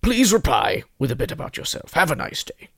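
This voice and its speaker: Picture an old man reciting his own dating profile, earnest and listing one trait after another, as a man puts him on. The voice sits high for a man and swings up and down widely. The sound is dry and close. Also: very animated, brisk, gravelly, breathy edge, no echo, full character voice.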